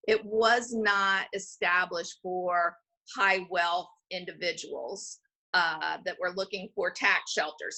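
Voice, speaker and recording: A woman's voice: medium pitch, sharp tone. A woman who heads a community foundation, speaking as a guest in a conversational interview. She explains things at length and often checks in with the listener by asking "right?". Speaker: foundation president and CEO, podcast guest.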